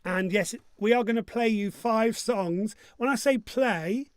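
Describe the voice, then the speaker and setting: A man's voice: high-pitched, a little slow, dry recording. A man hosting an online pub quiz, joking along and humming his own jingles. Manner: jokey and upbeat, hums his own jingles.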